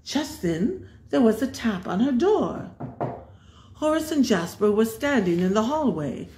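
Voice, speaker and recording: A woman reading a storybook aloud, unhurried and expressive, her voice rising and falling a lot. She drops in wry asides as she reads. The recording sounds roomy and echoey. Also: fairly high pitch, slight background noise.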